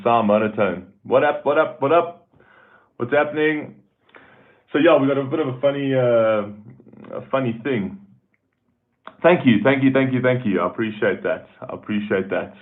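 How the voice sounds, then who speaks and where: A man's voice: mid-range voice, moderate pace, long pauses. Tinny-sounding South African man chatting live. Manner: chatty, greets viewers by name, says "man" often. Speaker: YouTube host reading live chat. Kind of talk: casual live-stream chat. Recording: tinny phone-like audio.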